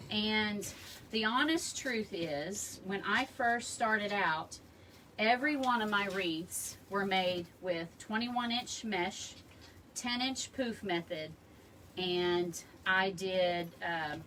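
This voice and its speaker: A slightly bright, medium-pitched female voice leads a laid-back live craft tutorial from her home, full of chatty rambling and friendly asides to viewers. A room mic records her from a distance, with faint background noise.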